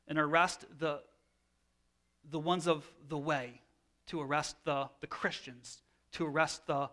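A man's voice: a little high, pushed and bright. A man in his thirties preaching a sermon in a conversational teaching manner, often restarting phrases. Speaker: pastor.

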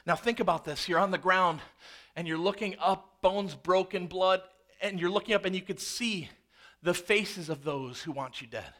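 High-voiced preacher, hushed to loud. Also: male voice, normal speed. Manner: dramatic, swings from hushed to loud and intense. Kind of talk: sermon.

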